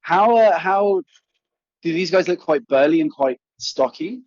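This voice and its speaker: A man's voice: fairly high pitch, lively intonation, unhurried, crowd noise. A man playing a tabletop game, talking casually and a bit hesitantly. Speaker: player. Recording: dry lo-fi sound.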